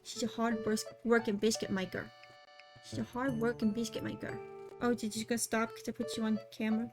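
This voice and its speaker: A woman's voice: a little high, little pitch movement, a little fast. Chatty woman streamer with game music. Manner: chatty, coos at her cat in baby talk, swears casually. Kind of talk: casual livestream chat. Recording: game music playing underneath.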